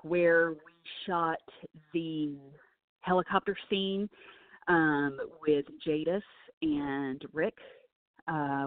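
A woman who handles snakes and other wildlife on film sets chats in a casual interview, telling stories with eager animation. Her voice is low, with no echo, and the recording has a tinny, dry phone-line quality.

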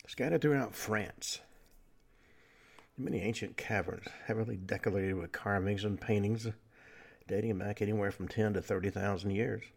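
A man hosting a talk radio show, delivering a lecturing monologue with frequent pauses and fillers. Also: fairly low pitch, vocal fry.

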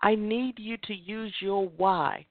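A woman's voice: mid-range voice, fairly even intonation, slow pace, dry recording. Impassioned woman over a tinny phone line. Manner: impassioned, emphatic, repeats phrases for force. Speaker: host of a women's chat show. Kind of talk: motivational talk.

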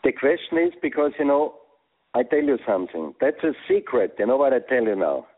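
Husky man on a tinny phone line. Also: medium pitch, sing-song, brisk, no room sound. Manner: earnest, non-native English phrasing. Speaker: former soccer coach. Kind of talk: phone interview.

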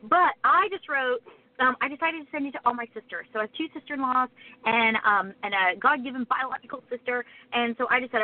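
A woman's voice: high-pitched, brisk. A woman co-hosting a casual faith podcast, chatty and fond of long stories. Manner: chatty, storytelling, wordy. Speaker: co-host. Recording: tinny phone-like sound.

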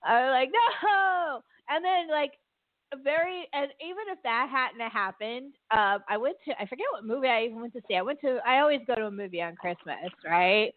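A woman's voice: on the high side, fairly quick, no room sound. A woman co-hosting a casual podcast chat, talking loosely with many fillers and frequent laughs. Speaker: podcast co-host. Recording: dry, phone-like line.

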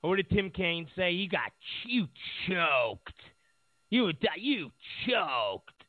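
A man's voice: high voice, sing-song, takes it slowly, no echo. A male talk show host giving sarcastic political commentary, rambling with lots of fillers. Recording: tinny phone-like line.

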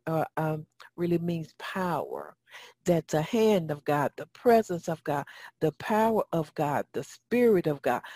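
A woman's voice: on the low side, mellow, breathy edge, no echo. A woman giving a Bible teaching in a folksy, emphatic way and reading scripture aloud. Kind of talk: sermon teaching.

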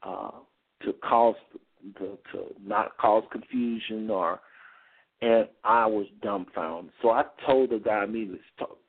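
Low gravelly guy rambling thru a story, folksy, sounds like a tinny phone line. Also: a little slow. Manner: folksy, addresses listeners as y'all and folks. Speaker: host.

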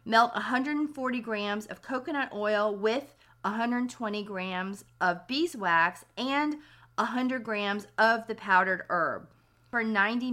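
A woman's voice: mid-range voice, pushed and bright. Scratchy-voiced woman explaining herbal remedies. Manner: step-by-step, practical explaining. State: scratchy, slightly hoarse voice. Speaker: podcast host. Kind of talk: instructional podcast talk.

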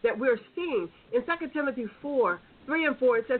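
Fervent woman preacher, high voice, exclaims and repeats, phone-line call-in sound. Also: expressive, normal speed. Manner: fervent, exclaiming, Black church call-and-response. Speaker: apostle, co-host. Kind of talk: phone-line sermon dialogue.

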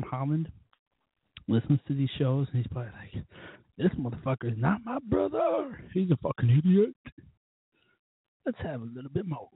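A man's voice: mid-range voice, no room sound. A drunk man hosting a podcast, rambling profanely through stories with quoted asides. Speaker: podcast host. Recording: tinny phone-like line, husky voice.

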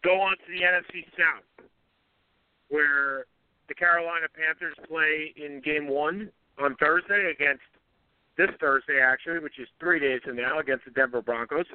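This fairly high-pitched man talks smoothly at a normal pace as co-host of a sports radio program. He rattles off predictions with confidence and fixes his own statements as he goes, all over dry, telephone-style radio sound without echo.

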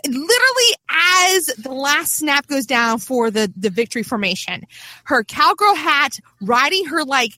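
A woman in her thirties hosting a casual sports chat, telling stories with animated, laughing energy. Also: a little high, no echo. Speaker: podcast host.

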